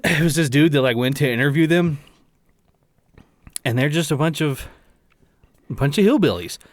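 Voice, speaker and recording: A man's voice: fairly high pitch, animated, normal speed, dry recording. A man co-hosting a podcast in casual chat, who laughs often, swears and rambles. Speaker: podcast co-host.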